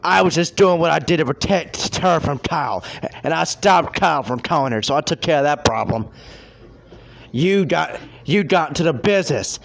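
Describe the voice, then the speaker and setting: A man rants on his podcast in a furious, threatening tirade. His voice is gravelly and sits a little high for a man, rough at the edges as he spits insults. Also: animated, moderate pace, a little hiss or hum. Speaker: podcast host. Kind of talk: angry ranting podcast.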